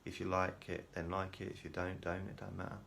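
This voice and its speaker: A man with a low voice talks to camera in a loose, rambling monologue. He is self-deprecating and often stops to restart his sentences. A faint background hum sits under his voice. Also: completely flat delivery, fairly quick, gravelly, fairly bright tone. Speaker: vlogger.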